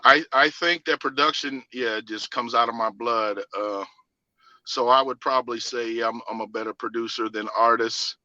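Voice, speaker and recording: Southern man, very bright ringing tone, chatty interview guest, dry slightly dull recording. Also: mid-range voice, normal speed, no echo. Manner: animated, laughing storyteller with many restarts. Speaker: singer and producer, interview guest. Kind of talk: casual interview storytelling.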